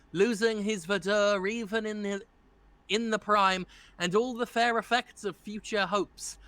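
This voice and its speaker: A man reading a bright, earnest young nobleman. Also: high voice, no room sound. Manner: laughs at his own slips while reading. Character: young male nobleman leaving home, earnest and teasing. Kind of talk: live amateur read-through of a play.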